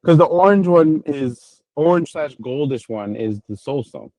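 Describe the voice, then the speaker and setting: A man's voice: on the high side, lively intonation, measured pace, dark tone, no room sound, rough recording. A man co-hosting a podcast, casually retelling a TV episode in a rambling way, full of fillers and restarts. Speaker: podcast co-host. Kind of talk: casual chat recapping a TV episode.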